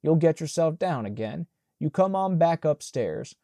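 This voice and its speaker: A man's voice: fairly high pitch, expressive, unhurried, mellow, dry recording, clean studio sound, voice pushed up. A man voicing an elderly woman housekeeper who scolds and soothes in a Southern dialect. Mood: scolding.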